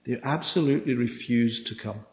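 A man preaching a Bible study sermon, animated and often checking with his listeners through questions. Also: mid-range voice, normal speed. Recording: echoey hall, dull sound.

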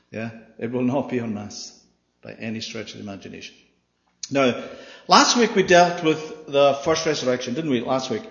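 A man's voice: medium pitch, gravelly. A man preaching a sermon with emphasis, often checking in with his listeners by asking "Yeah?". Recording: echoey hall, dull sound.

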